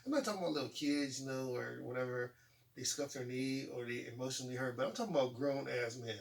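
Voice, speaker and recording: A man's voice: medium pitch, fast talker, creaky, distant mic. A man in his forties hosting a casual talk show, telling stories with laughs and acting out what people said. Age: 40s. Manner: animated, laughing storyteller acting out quotes. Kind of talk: casual chat.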